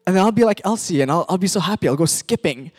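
A man's voice: sits high, lively intonation, fast, husky. A man from Pakistan, a pastor, animatedly narrating a sermon skit and directing volunteer actors.

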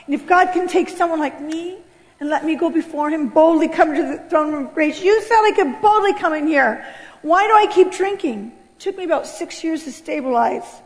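A middle-aged woman giving an animated spoken testimony in a church, acting out the voices in her story. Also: sits high, normal speed. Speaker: testimony speaker. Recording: long hall reverb.

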